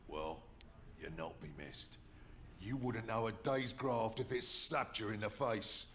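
A sneering rig boss. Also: male voice, on the low side, a little slow, fairly bright tone, slight background noise. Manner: cold, belittling.

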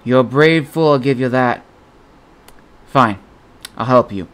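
A man reading the part of a gruff, bitter former Athenian general in an audiobook. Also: mid-range voice, measured pace, fairly bright tone, lightly acted.

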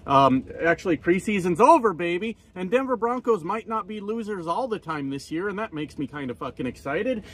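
A man's voice: high voice, animated, a little fast, hardly any pauses, fairly bright tone, husky. A man who drives trucks, ranting casually to his vlog audience in a profane, joking and self-mocking way.

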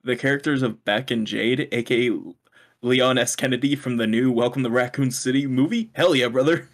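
A young man co-hosting a casual podcast, rambling about an old TV show, laughing often and breaking off to yell at a video game. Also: medium pitch, steady tone, fairly quick. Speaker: podcast co-host. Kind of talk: casual chat while gaming.

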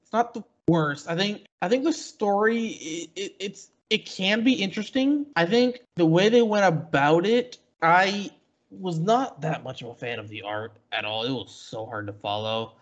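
A man's voice: high-pitched, normal speed. Rambling man in casual comic chat. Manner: rambling, many likes and restarts. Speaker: podcast co-host. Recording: muffled crackly mic.

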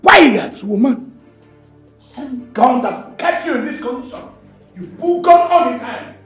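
Brief: Nigerian king, high piercing yells, wild swings, roomy, dull film sound under music. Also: expressive, normal speed, distant mic. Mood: furious. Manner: shouting commands. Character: stern angry king, father of a prince. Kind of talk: Nollywood film acting.

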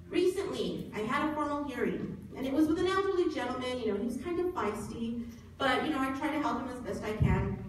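A woman presents at a conference, talking in a relaxed way and joking at her own expense. Her voice sits a little high. It is picked up from a distance in a large, very echoey hall, with faint noise underneath. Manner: conversational, self-deprecating humor.

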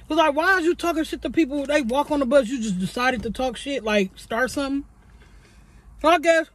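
High-voiced young woman telling a story. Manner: animated storytelling, acts out quotes, swears freely. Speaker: vlogger. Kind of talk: storytime while eating on camera.

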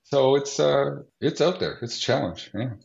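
A man chatting casually as a guest on a diving round table, joking and quick to laugh. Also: mid-range voice, expressive, vocal fry, darkish tone. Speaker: guest diver. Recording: dull lo-fi audio.

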